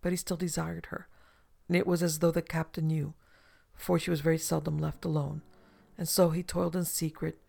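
A narrator reading a romantic adventure novel aloud in measured, even storytelling. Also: medium pitch, vocal fry. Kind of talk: audiobook narration.

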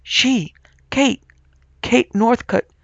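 A man's voice: high-pitched, steady tone, normal speed, vocal fry, a bit bright, slightly rough, no room sound, muffled recording, heavily acted. A man voicing a panicked young man crying out at a ghost. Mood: terrified. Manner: frantic, gasping, half-whispered cries. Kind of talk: audiobook character voice.

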